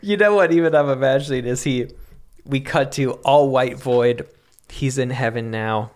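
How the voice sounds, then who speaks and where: A man co-hosting a podcast, brainstorming a story in a relaxed, chatty way. He laughs often and slips into acted-out lines, with an everyday mid-pitched voice. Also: normal speed. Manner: easygoing, laughs often, acts out characters. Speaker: podcast co-host. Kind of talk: casual creative brainstorming chat.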